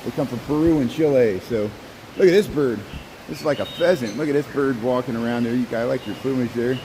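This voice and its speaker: A man's voice: mid-range voice, a little fast, noisy background. Chatty man touring a birdhouse. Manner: chatty, talks to the animals, trails off and repeats words. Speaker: vlogger. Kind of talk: casual walking tour narration. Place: indoor zoo birdhouse.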